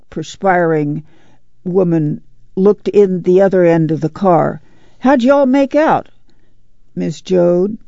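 A man narrating a novel aloud in a steady, even storytelling voice. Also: fairly high pitch, dry recording, dull audio. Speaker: audiobook narrator. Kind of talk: scripted narration.

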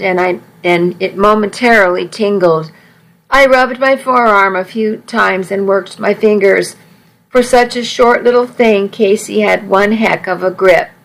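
A woman's voice: mid-range voice, gravelly, rough recording. A woman reading a first-person story aloud in a wry, conversational way. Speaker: audiobook narrator.

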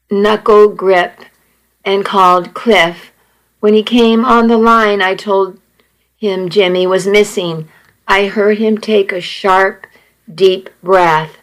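A woman's voice: medium pitch, steady tone, slow pace, poor audio. A woman narrating a first-person story in a plain, earnest reading voice.

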